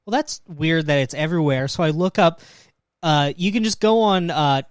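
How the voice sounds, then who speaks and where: A young man co-hosting a podcast, telling jokes in a deadpan way between laughs. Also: a little high, moderate pace, clear, resonant tone, no echo, clean studio sound. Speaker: podcast co-host. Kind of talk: casual comedic chat.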